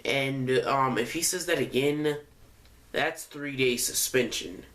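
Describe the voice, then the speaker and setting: A young man voicing a stern female schoolteacher calmly reporting a pupil's misbehavior to his father. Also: medium pitch, slow.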